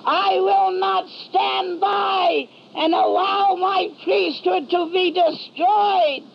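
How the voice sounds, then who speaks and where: A woman giving voice to a wrathful divine man, shouting down judgment in a high, strained, slow cry. The sound is dull and lo-fi, like an old tape with a faint hiss. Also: steady tone, gravelly, full character voice. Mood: furious shouting.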